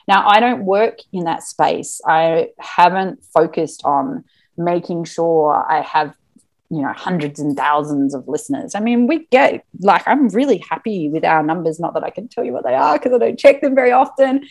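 A woman talking as a podcast guest in a casual interview, chatty and animated with plenty of fillers. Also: lowish voice, normal speed, vocal fry. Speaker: podcast guest, marketing business owner.

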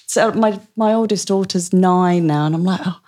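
A woman's voice: fairly low pitch, moderate pace, darkish tone. A woman in her thirties from Essex with an Essex accent drifting toward Australian, chatting as a podcast guest with frequent ums and restarts. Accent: Essex English with Australian drift. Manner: chatty, many ums and self-corrections. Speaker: guest, director of a virtual CFO advisory firm. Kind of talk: casual podcast interview.

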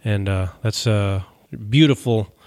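A man hosting the interview, reflecting on the guest's story in a thoughtful way with small pauses. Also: lowish voice, darkish tone, clean tone, no echo. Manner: reflective, with fillers. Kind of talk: casual chat.

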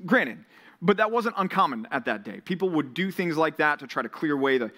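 Man, young pastor, sermon, bright voice, slightly high, conversational, lively when quoting. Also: fairly quick. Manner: conversational preaching, rising animated when quoting Jesus. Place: church or ministry hall.

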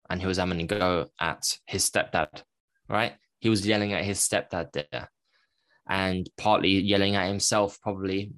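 A low-pitched man speaks as a podcast guest, telling a personal story candidly and reflectively. He often stops to correct himself mid-sentence. The sound is dry and close, with no room around it. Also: fairly bright tone, no room sound.

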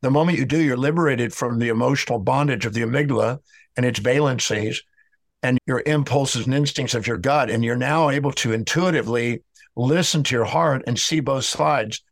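A man's voice: medium pitch, a little fast, no room sound. A man telling a story in an interview, lecturing emphatically and acting out both sides of a dialogue. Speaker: speaker on emotional healing.

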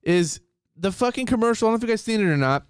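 A man co-hosting a podcast, ranting in a casual, profane and animated way. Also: sits high, racing, clean tone, no echo, studio quality. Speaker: podcast co-host.

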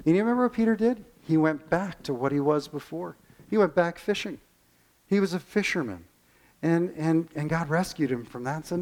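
Animated preaching man, higher voice. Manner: animated preaching, acts out quoted voices, slows to stress key lines. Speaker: pastor. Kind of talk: sermon.

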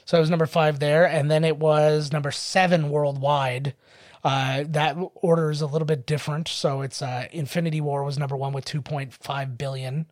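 Chatty man, slightly high voice, dry sound. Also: level tone, normal speed, no room sound. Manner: chatty storyteller, reads out figures and texts. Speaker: podcast co-host. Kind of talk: casual movie commentary chat.

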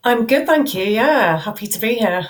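A woman co-hosting an online church service, chatting in a relaxed, friendly way with small hesitations. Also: fairly high pitch, moderate pace. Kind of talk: casual live-stream chat.

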